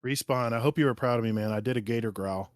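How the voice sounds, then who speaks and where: Male guest, mid-pitched, eager and excitable; dry close mic. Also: fast talker, no echo. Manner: excitable, emotional, enthusiastic. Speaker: guest podcaster. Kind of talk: casual gaming podcast chat.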